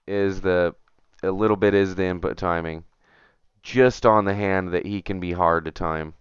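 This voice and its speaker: A man's voice: low voice, steady tone, normal speed, clean tone, dry recording, muffled recording. A man streaming a retro game, talking to himself and his viewers as he plays, getting frustrated and muttering. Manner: chatty, self-talking, gets frustrated and mutters. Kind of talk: casual gameplay commentary.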